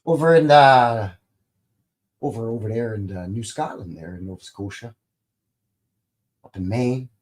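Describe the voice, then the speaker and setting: A man's voice: medium pitch, a little slow, pauses often. A man hosting a live stream in a casual, rambling way, greeting viewers and reading their comments aloud with light jokes. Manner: jokey and informal, swears lightly. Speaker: livestream host.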